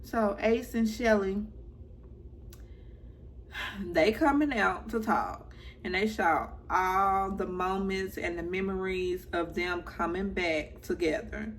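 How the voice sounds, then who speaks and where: A woman's voice: medium pitch, slow pace, a little hiss or hum, low-quality recording. A woman, chatting casually as she recaps a reality show, playful and full of asides.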